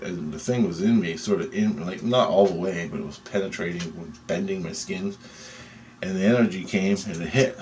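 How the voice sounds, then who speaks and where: A man telling a dream story in an excitable, rambling way, swearing often and restarting sentences. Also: sits low, a little hiss or hum.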